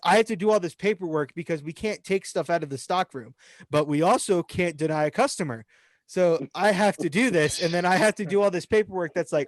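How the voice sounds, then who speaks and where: Young male co-host, higher voice, dry close sound; animated storyteller who laughs a lot. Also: a little fast, no echo. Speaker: podcast co-host. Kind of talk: casual chat.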